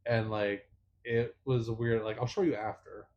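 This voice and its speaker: A man's voice: lowish voice, level tone, a little slow, a little mellow. A young man co-hosting a casual podcast chat, teasing his friend in a playful manner. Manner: playful, teasing, puts on voices in anecdotes. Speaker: podcast co-host.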